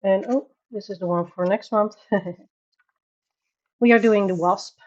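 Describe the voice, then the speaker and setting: Slow-talking Dutch woman on a lo-fi livestream. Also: medium pitch, a little mellow. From Netherlands. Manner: chatty, laughs often, greets viewers by name. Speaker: coloring livestream host. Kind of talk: casual livestream chat. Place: home bedroom.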